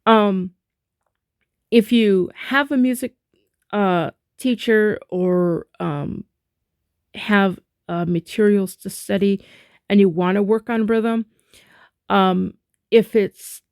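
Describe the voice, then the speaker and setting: A woman teaching a spoken rhythm lesson, chanting rhythm syllables between halting explanations. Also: medium pitch, a little mellow, clear, resonant tone, no room sound, studio quality. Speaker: music teacher.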